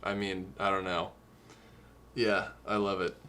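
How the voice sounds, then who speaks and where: A man's voice: deep voice, level tone, unhurried, bright, forceful tone, a little hiss or hum. A young man co-hosting a podcast, talking about songs in a casual, earnest and emotional way. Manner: earnest, emotional, quotes lyrics. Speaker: podcast co-host. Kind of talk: casual music discussion.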